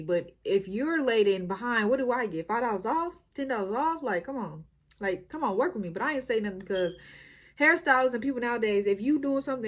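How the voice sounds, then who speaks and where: A young woman, chatting casually and animatedly as she tells a story-time vlog. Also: medium pitch. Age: young adult. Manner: chatty, slangy, animated retelling. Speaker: YouTuber.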